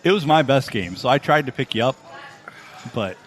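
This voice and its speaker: A man's voice: medium pitch, lively intonation, moderate pace, soft background music. A man co-hosting a casual comedy podcast, telling wry, morbid stories in banter. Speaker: podcast co-host.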